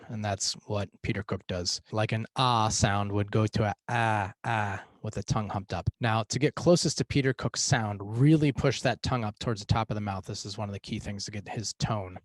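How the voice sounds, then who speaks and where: A man's voice: lowish voice, no room sound, studio quality. A man teaching a voice tutorial as a vocal coach, explaining each step patiently and encouragingly. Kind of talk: instructional voice tutorial.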